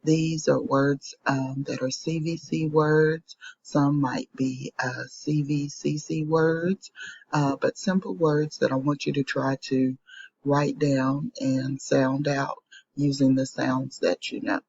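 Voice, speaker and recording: Woman teacher, patient phonics lesson for small kids, slow and slightly husky, dry dull recording. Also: a bass voice, steady tone, a little mellow. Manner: slow, patient, repeats each word twice. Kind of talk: phonics lesson for young children.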